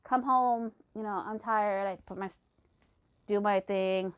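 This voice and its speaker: A woman's voice: medium pitch, steady tone, measured pace, clear, resonant tone, highs cut off. A young woman tells a story from her own life in a loose, casual rant. She swears constantly and gets heated as she talks. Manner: profane, heated ranting. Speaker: fan reader.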